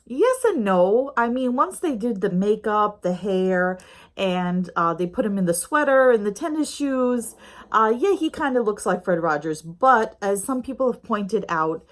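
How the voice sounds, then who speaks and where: Middle-aged woman, casual home vlogger, chatty and rambling with filler words, mid-range voice. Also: medium pitch. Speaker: YouTube reviewer. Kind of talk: casual review chat. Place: home with a snoring pet dog nearby.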